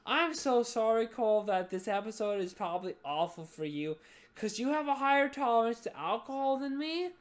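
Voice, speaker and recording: Drunk, rambling woman podcast host. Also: on the high side. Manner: rambling, repeatedly apologetic, swears a lot. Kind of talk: casual podcast chat.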